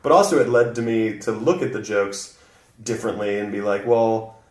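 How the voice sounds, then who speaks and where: A man's voice: on the low side, normal speed, a little mellow, recorded from a distance. A man from the Southern United States, a guest comedian in casual chat, easygoing and rambling, laughing often. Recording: roomy echo, from the mic.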